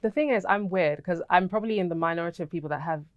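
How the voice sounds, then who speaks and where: A woman's voice: fairly low pitch, rapid-fire, phone-quality sound, loud music behind the voice. A young woman with a British accent, an actress answering interview questions in a candid, chatty way and laughing easily.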